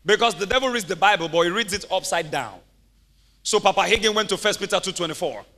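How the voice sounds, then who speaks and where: High, bright-voiced pastor preaching in a hall. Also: male voice, expressive, quick pace. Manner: laughing, rising to shouted exclamations. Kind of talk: sermon. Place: church.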